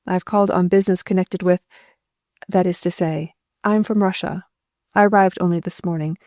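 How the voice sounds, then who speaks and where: Woman voicing disguised man, slight put-on foreign accent, formal, measured, dry close sound. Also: lowish voice, steady tone, a little mellow, dry recording, lightly acted. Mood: guarded.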